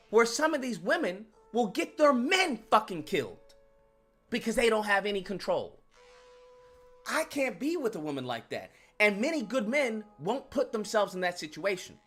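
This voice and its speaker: A man's voice: sits high, fairly bright tone. A man hosting his own channel, delivering an emphatic, profane commentary rant and repeating lines for effect.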